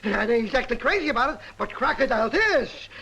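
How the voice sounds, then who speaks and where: A brash, excitable song publisher. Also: male voice, extremely high pitch, slightly rough, full character voice, rough recording. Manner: fast, slangy, theatrical sales patter. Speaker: music publisher. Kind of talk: 1950s film comedy acting.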